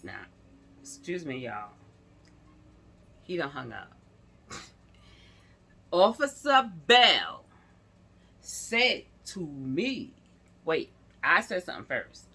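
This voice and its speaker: A woman's voice: sits low, huge pitch swings, drawn-out words, pauses often, bright, forceful tone, husky. A woman telling a story in a casual storytime vlog, talking straight to her viewers and rambling as she goes. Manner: chatty, speaks to viewers directly; rambling, full of restarts.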